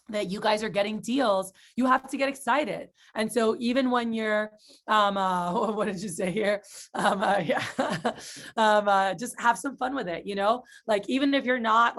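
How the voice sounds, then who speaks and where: A woman sales manager leading a training workshop, telling stories casually and acting out excited reactions. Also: mid-range voice. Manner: casual, filler-heavy talk.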